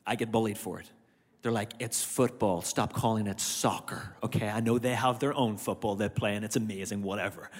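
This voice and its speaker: A man's voice: fairly low pitch, fairly even intonation, fairly quick, long reverb tail. A man with an Irish accent that has gone slightly American, preaching a sermon in a conversational way, with asides to the congregation. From Ireland. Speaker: pastor.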